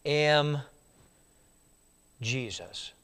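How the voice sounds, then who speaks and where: A man voicing the heavenly voice of Jesus, speaking slowly, gravely and very quietly. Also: on the high side, expressive, pitched below the performer's own voice, full character voice. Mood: solemn hush. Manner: slow, grave, very quiet delivery. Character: the voice of Jesus from heaven, solemn and hushed.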